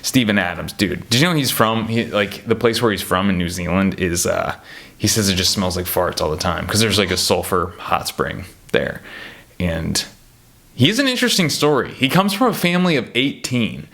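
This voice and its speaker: Animated man rambling about basketball. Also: lowish voice, moderate pace, vocal fry. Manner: animated, rambling, gets worked up. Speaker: podcast host ranking basketball players. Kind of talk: casual chat.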